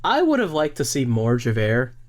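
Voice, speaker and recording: A man's voice: medium pitch, normal speed. Laid-back man co-hosting a podcast. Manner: relaxed, loose, many fillers. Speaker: podcast co-host. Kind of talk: casual chat about musicals.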